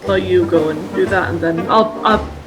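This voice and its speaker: Brief: easygoing male player talking in character, clear music underneath. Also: sits high, fairly even intonation, moderate pace, rough recording. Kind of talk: in-character tabletop play. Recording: music playing behind.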